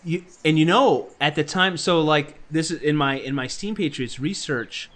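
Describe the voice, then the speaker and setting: A man's voice: fairly high pitch, moderate pace, fairly bright tone. A man in casual livestream conversation who rambles through his points. He trips over his own sentences and fills the gaps with ums and uhs. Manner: rambling, many fillers and restarts. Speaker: podcast co-host.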